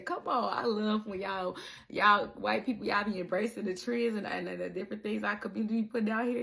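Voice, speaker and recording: Woman vlogging to followers, gravelly voice, loose and cussing, laughs a lot. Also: medium pitch. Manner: animated, profane, laughs often. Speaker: social media creator. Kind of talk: casual direct-to-camera monologue. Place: in Chicago.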